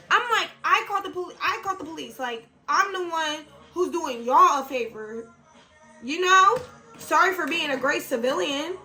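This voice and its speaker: A woman's voice: sits high, pushed and bright, rough recording. A young woman telling a story in casual storytime style, blunt and slangy, swearing freely. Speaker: vlogger.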